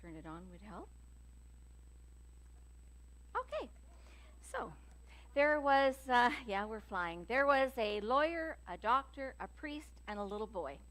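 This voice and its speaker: A woman minister giving a sermon in a church, telling stories in a chatty, lively way with many fillers. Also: a little high, slow, pauses often. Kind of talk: sermon with jokes and readings. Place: church sanctuary.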